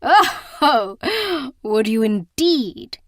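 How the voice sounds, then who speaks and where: A woman's voice: medium pitch, normal speed, fairly bright tone, no echo, clean studio sound, natural voice. A woman voicing a jovial, mocking aristocratic man who teases his half-sister. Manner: teasing and boisterous.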